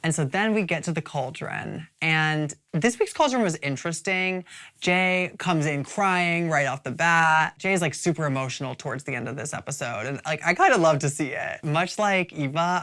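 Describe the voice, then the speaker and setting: A woman's voice: low voice, fairly bright tone. A woman hosting a casual review of a drag competition show, chatty and swearing freely, with lots of "like" and "you guys.".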